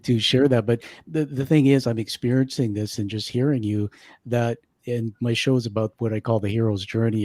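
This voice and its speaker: A man hosting a radio interview show, speaking in measured, reflective statements. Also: on the low side, darkish tone, dry recording, studio quality. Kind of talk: interview conversation.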